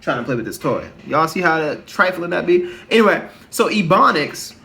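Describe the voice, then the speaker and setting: A man's voice: a little high, lively intonation, normal speed, creaky, sharp tone. A man hosting a podcast alone, talking in a rambling, conversational way, often restarting sentences and turning to lecture listeners with questions. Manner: emphatic and lecturing at times, asking listeners questions. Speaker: podcast host. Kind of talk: casual solo podcast monologue.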